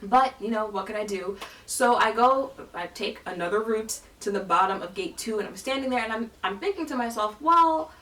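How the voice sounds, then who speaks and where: A young woman telling a storytime vlog, animated and acting out the voices of people in her tale. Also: mid-range voice, brisk. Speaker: vlogger. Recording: voice a bit distant from the mic.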